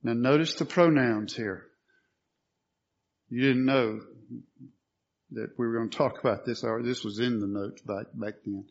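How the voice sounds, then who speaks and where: A male preacher delivers a sermon at a middle pitch, often throwing a question to the congregation and answering it himself. His delivery is emphatic and earnest. The recording sounds slightly dull and lo-fi. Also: unhurried, vocal fry, pauses often.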